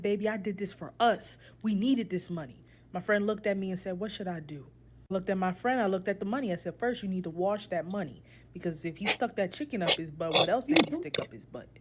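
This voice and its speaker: A woman calling in to a podcast, telling a comic story in a steady, deadpan way. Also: mid-range voice. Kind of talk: reading a comic story aloud.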